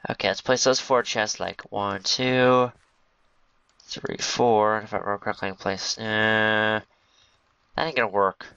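A man with a fairly low yet bright, forceful voice rambles through casual gameplay commentary, joking to himself as he goes. The dry, close recording sounds a little dull and lo-fi. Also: flat delivery, a little slow, gravelly, clean tone, dry recording. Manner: rambling, jokey, talks to himself and to game creatures. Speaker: gaming video host.

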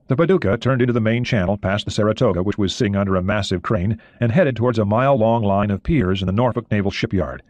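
Male audiobook narrator, low voice, steady, dry close sound. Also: fast, hardly any pauses, no echo, lo-fi sound. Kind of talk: audiobook reading.

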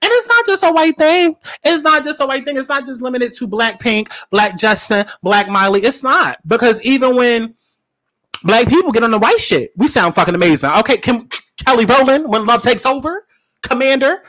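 Sassy high-voiced man ranting. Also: expressive, normal speed, sharp tone. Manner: sassy, profane and emphatic, repeats lines for punch. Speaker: commentary vlogger. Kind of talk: casual pop culture commentary.

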